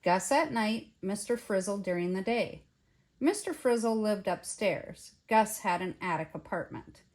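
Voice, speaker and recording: An older woman, a grandmother, reading a children's picture book aloud in an expressive way. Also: medium pitch, a little slow. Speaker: storyteller.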